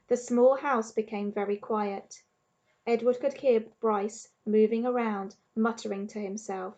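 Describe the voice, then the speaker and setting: A woman teacher with an English accent reading a storybook aloud to her class in an expressive, measured way. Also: on the high side, dull audio. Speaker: primary school teacher.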